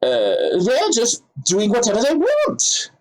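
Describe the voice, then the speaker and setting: A man's voice: extremely high pitch, wildly swooping pitch, takes it slowly, darkish tone, pitched above the performer's own voice, heavily acted, low-quality recording. A man putting on a fussy British officer. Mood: flustered. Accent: put-on British. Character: fussy British army officer, male, middle-aged.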